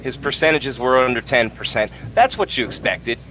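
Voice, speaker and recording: A man hosting a combat sports talk show, talking in an animated, opinionated way and telling anecdotes. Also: medium pitch, normal speed, crowd noise. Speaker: host. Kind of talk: casual combat sports commentary.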